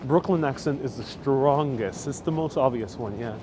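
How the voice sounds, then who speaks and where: A man from New York City, speaking with a New York accent, hosts a live walking tour on a windy city street, chatting in a friendly way and answering viewer comments aloud as he goes. His voice is medium-pitched at a normal speed, with faint street ambience and passing traffic behind him.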